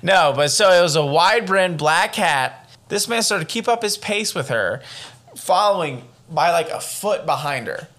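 A man's voice: a little high, lively intonation, moderate pace, a bit bright. A young man co-hosting a podcast, telling a true-crime story casually with profane joking asides. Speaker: podcast co-host.

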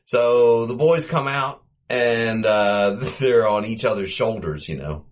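A man hosting a podcast, casually retelling an old comedy short, chuckling often and giving quoted lines a quick comic voice. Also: medium pitch, slight background noise. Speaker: podcast host.

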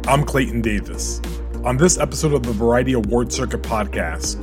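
A man's voice: mid-range voice, brisk, over music. Man hosting an entertainment podcast. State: slight lisp after a tooth extraction. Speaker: podcast host. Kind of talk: podcast introduction and casual chat.

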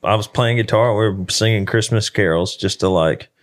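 A man's voice: on the low side, normal speed. A young man co-hosting a podcast in a laid-back, casual way. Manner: laid-back, frequent "yeah" backchannels. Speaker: podcast co-host. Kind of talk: casual chat.

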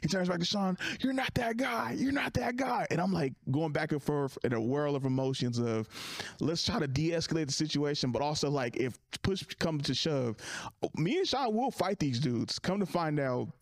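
A comedian telling a rambling story in casual chat, full of fillers and restarts. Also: male voice, fairly high pitch, expressive, moderate pace, no room sound, clean studio sound.

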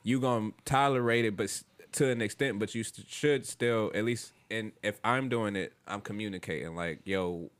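A laid-back young man talks through his view in easy slang on a casual podcast. His voice sits fairly low. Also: moderate pace, few pauses, a bit bright. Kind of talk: casual chat.

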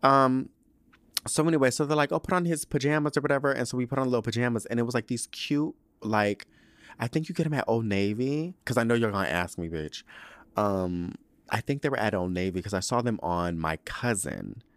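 A man's voice: medium pitch, expressive, moderate pace, clear, resonant tone, no echo. A young man hosting a podcast in a casual solo chat, rambling, profane and prone to tangents. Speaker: podcast host.

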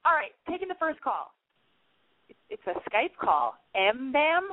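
A woman's voice: high-pitched, big pitch swings, a little slow, narrow, tinny audio. A woman hosting a call-in podcast from her apartment, talking in a frantic, self-mocking way and swearing freely. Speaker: podcast host taking calls. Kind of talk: casual call-in podcast chat.

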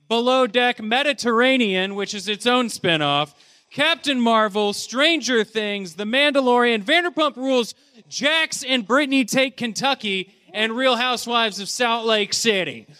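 Bright, crisp-voiced man hosting. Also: extremely high pitch. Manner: deadpan, mock-academic delivery. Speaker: podcast host. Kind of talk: comic mock-lecture on a live panel. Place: convention panel room with live audience.

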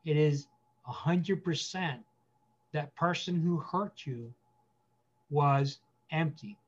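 A man speaking as a guest pastor, giving earnest counsel with emphatic repetition, slowing down to stress key phrases. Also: a little high, husky, dull audio.

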